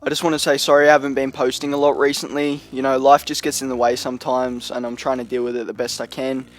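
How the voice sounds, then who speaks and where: A man's voice: mid-range voice, flat delivery, fast. Rambling young guy. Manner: rambling, slangy, lots of "you know" and "like". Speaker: vlogger. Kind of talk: storytime vlog, casual.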